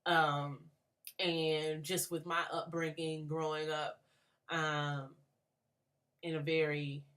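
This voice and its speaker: A woman's voice: low voice, little pitch movement, takes it slowly, a bit bright. A young woman from Atlanta, a graduate student giving a thoughtful spoken response to a book, with frequent fillers and restarts.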